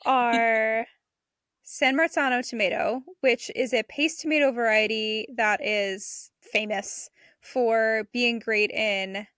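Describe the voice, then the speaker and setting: A woman's voice: fairly high pitch, fairly even intonation, slow, a bit bright, dry recording, studio quality. A young adult woman co-hosting a homesteading podcast, chatting enthusiastically and laughing between thoughts. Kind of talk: casual chat.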